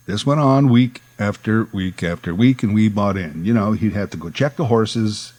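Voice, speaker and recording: A man's voice: lowish voice, normal speed, hardly any pauses, a little mellow, low-quality recording. Wry man telling a childhood story. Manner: wry, conversational, nostalgic asides. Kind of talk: storytelling monologue.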